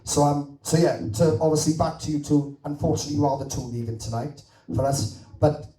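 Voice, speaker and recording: A man, a talent show judge, talks through his votes in a rambling, encouraging way. His voice sits a little high and sounds mellow. The sound is roomy and echoey, and he is some distance from the mic. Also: a little fast. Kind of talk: giving feedback to contestants.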